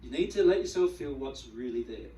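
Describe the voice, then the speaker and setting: A man giving a spiritual teaching talk to a group, animated, acting out the feelings he describes and often repeating words as he goes. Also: medium pitch, brisk. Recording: echoey room, mic at a distance.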